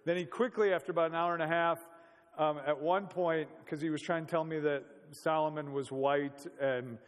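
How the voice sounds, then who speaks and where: A man's voice: fairly high pitch, fairly even intonation, normal speed, big-room sound. A man preaching a sermon in a conversational, storytelling way, full of rhetorical questions.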